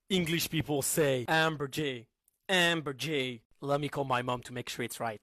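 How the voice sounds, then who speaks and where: Slow, dry-voiced Frenchman mangling English. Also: a little high, no echo. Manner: deliberately mangles English words, then shouts in mock outrage. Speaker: comedy video creator. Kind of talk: comedic pronunciation skit. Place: played from a video clip.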